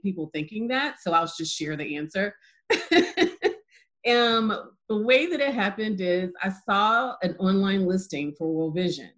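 A woman as an interview guest, telling a personal story in a lively way, acting out dialogue and laughing easily. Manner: animated storyteller, acts out dialogue with lively pitch jumps. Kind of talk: casual testimony interview.

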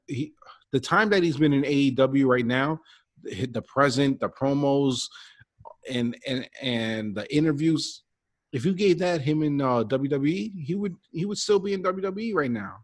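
A man co-hosting a wrestling podcast talks casually at medium pitch, animated and rambling, often repeating himself.

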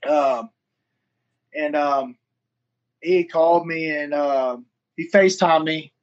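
A man's voice: on the high side, slow pace, smooth. Man rambling on a dull line. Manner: rambling storyteller, swears freely, acts out quotes. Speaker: fighter and firefighter. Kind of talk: casual interview chat.

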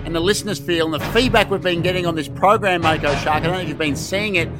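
A man's voice: high-pitched, quick pace, music in the background. A man co-hosting a casual podcast, building up segments with over-the-top hype. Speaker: podcast co-host.

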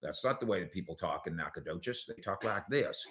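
A man's voice: low-pitched, expressive, fairly quick, background noise, voice pushed down. A man putting on a prim wife correcting accents.

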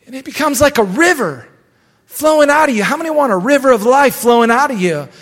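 A man's voice: very high-pitched, expressive, brisk, a bit bright. A man preaching a live sermon as pastor in a church, exhorting and repeating phrases for emphasis. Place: church sanctuary. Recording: long church hall reverb.

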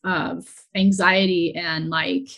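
A woman entrepreneur talking openly as a guest, retelling a stressful stretch in an earnest, emotional, halting way. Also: on the low side, flat delivery, creaky, a bit bright. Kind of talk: candid conversational storytelling.

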